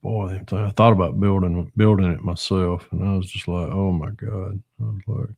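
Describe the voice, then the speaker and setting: A man's voice: deep voice, fairly even intonation, normal speed, vocal fry, darkish tone, husky, no echo. A middle-aged man from Northwestern Georgia with a Southern accent, hosting a casual livestream while he builds a model car and answers chat in a folksy drawl.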